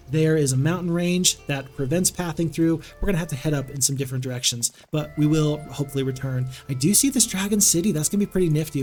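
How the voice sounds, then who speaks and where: A man with a slightly higher voice gives cheerful live commentary on a strategy game, talking through his choices and welcoming viewers. Faint music plays softly behind him. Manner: upbeat, thinks aloud while greeting chat. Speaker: game streamer. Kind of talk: live-streamed gameplay commentary.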